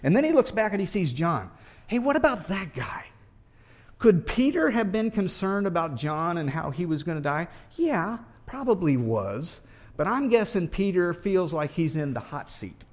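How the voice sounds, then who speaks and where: A man's voice: sits high, expressive, moderate pace, hardly any pauses. A man preaching a sermon in a conversational way, asking rhetorical questions and often restarting as he thinks aloud. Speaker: pastor.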